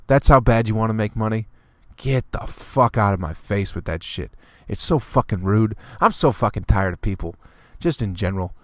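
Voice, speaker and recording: A man with a low voice rants through a solo comedy podcast, swearing constantly and sounding fed up. He drops into a snooty clipped mimicry for people who annoy him. The recording is close and dry, with no room sound. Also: no echo. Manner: profane, exasperated, ranting. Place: on tour, recording alone.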